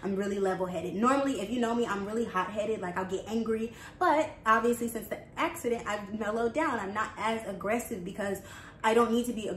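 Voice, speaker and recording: A woman's voice: mid-range voice, fairly quick, slight background noise. A young woman frankly and casually telling a personal story to camera, talking loosely with plenty of fillers. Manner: frank and conversational, full of fillers. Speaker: vlogger. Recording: roomy echo, faint ambience.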